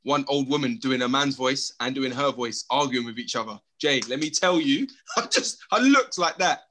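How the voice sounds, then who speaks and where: A young man hosting a casual podcast chat, slangy and animated, telling stories with lots of laughter. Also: medium pitch, normal speed. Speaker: podcast host.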